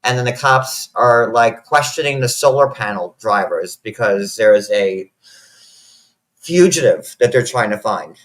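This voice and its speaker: A man's voice: lowish voice, expressive, a little slow, a bit bright, poor audio. Tearful swearing man telling a story. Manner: rambling, swears freely, tearful at moments. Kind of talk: emotional casual storytelling.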